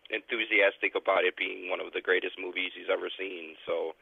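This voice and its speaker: A very deep, husky male voice comes through a thin, tinny phone line. He chats casually, laughs easily and trips over his words when making a point. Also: fairly even intonation, moderate pace, no echo. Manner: laughs often, stammers when earnest. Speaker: interview guest on the phone. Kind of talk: casual chat.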